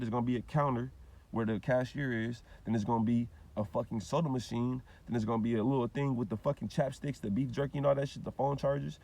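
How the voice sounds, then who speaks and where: Fast-talking man ranting profanely. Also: medium pitch, a little mellow. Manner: profane, rambling, repetitive storytelling. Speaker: vlogger. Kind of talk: ranting monologue to camera.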